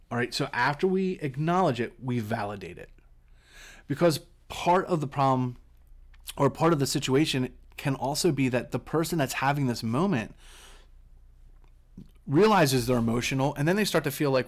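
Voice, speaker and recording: A middle-aged man hosts a solo coaching podcast, explaining his points in an earnest, conversational way. He often repeats a word as he gets a phrase going. His voice sits at an ordinary middle pitch. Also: moderate pace. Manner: earnest, repeats words when starting phrases.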